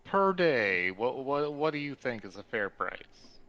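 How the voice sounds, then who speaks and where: Man, tabletop player, in character, bright tone, slow pace. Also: mid-range voice, big pitch swings, no room sound, lo-fi sound. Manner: bargaining, casual, filler-heavy. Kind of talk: in-character tabletop role-play.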